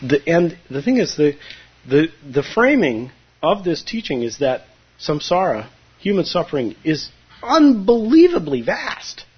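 A man giving a conversational, humorous Zen dharma talk, now and then acting out his students' voices. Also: a little high. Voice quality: husky. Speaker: Zen teacher. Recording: dull lo-fi recording.

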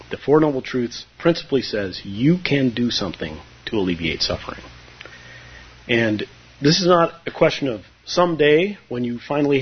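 A man with a very husky, breathy voice gives a relaxed Zen talk. His pitch moves in a lively, expressive way, and he drifts into playful imitations of his students. The recording sounds dull and lo-fi. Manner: conversational, humorous, acts out students' voices. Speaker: Zen teacher. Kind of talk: dharma talk.

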